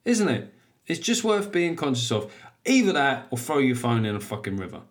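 Comic podcaster in his thirties, mid-pitched, shouty and self-deprecating. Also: moderate pace, very noisy. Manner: loud, animated, self-mocking, swears freely. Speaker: podcast host and stand-up comedian. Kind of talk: casual comic monologue.

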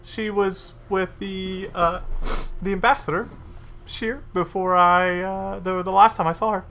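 A man's voice: high voice, fairly even intonation, a little slow, gravelly, bright, forceful tone, soft background music, voice pushed up, heavily acted. A man voicing a nervous, evasive male magister who stammers and hedges. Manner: flustered, hedging, stammering.

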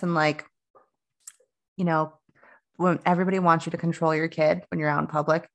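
Woman, 30s, podcast co-host. Lower voice, chatty and rambling delivery. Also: little pitch movement, a little fast, pauses often. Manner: chatty and rambling, frequent restarts and laughs. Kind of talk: casual spiritual podcast chat.

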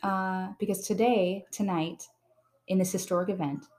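A woman hosting a podcast in casual chat around a table, bubbly and excitable, laughing often. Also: mid-range voice, normal speed. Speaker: podcast host.

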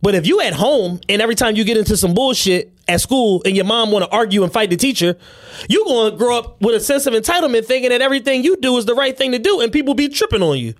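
A man's voice: extremely high pitch, lively intonation, fast. A man, co-hosting a podcast and giving blunt, profane opinions in casual chat. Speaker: podcast co-host.

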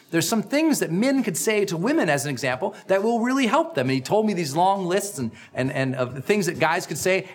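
A middle-aged man hosting a personal growth podcast, giving an energetic, emphatic motivational talk. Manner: energetic, emphatic, acts out quoted lines with big pitch swings.

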